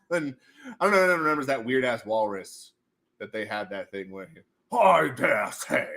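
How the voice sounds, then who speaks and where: A man hosting a casual livestream at home, running prize wheel spins in a goofy, animated way and slipping into silly voices. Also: mid-range voice, normal speed, long pauses. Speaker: livestream host running giveaways.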